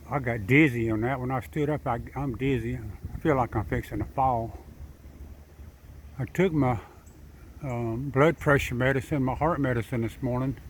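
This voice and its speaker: A man's voice: medium pitch, slight background noise. Older guy out in the yard, drawly, rambly, sweet-talking a squirrel. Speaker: backyard vlogger feeding squirrels. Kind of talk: casual talk to animals and camera. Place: outdoors in a backyard.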